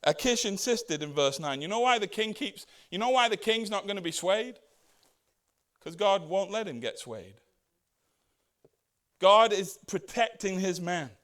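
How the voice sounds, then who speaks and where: A man with a notably high voice delivers a casual, conversational sermon as pastor. He throws rhetorical questions at the congregation and slips into quick voices for the Bible characters he quotes. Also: lively intonation, fairly bright tone.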